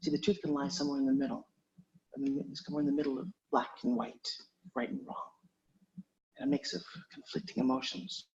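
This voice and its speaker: A man rehearsing script lines aloud, repeating each line in a gentle counseling tone. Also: fairly high pitch, very animated, quick pace, gravelly, husky. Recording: dull lo-fi recording, faint background noise.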